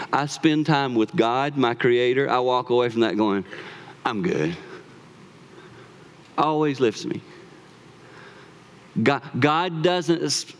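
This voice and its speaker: A man in his fifties preaching in church, animated as he tells personal stories, often repeating words and laughing. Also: on the high side, clean tone. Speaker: pastor.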